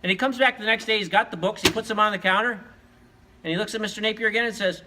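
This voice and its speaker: A man's voice: sits high, fast talker, noisy background. A man, a teacher, telling long joke stories during school announcements in a playful, rambling way. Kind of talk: joke storytelling.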